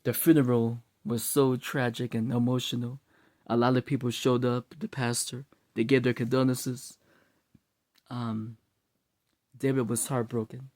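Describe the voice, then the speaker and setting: A man telling a story in a loose, casual way. He stays animated and acts out each scene as he goes, in a mid-pitched voice. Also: unhurried. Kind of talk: casual spoken story retelling.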